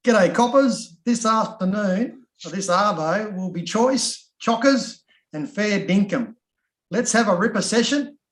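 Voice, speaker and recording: Loud, high and cheery, this is a broad Australian bloke laying the slang on thick, as a man puts him on for a laugh. His voice rings out a notch above his usual pitch. It is caught over a video call with a roomy echo. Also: animated, unhurried. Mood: hamming it up. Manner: exaggerated, jokey slang delivery.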